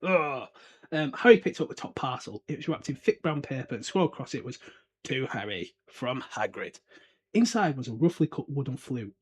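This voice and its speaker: A man's voice: fairly high pitch, animated, a little fast, slight background noise. A British man in his twenties hosting a podcast in a casual, rambling book discussion, chatting loosely and swearing offhand. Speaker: podcast host.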